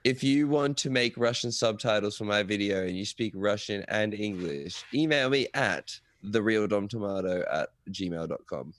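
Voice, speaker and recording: A man's voice: fairly low pitch, moderate pace, few pauses, no room sound. A man from Australia co-hosting a podcast, chatting casually, swearing freely and telling rambling stories with lots of laughs. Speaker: podcast co-host. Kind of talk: casual chat.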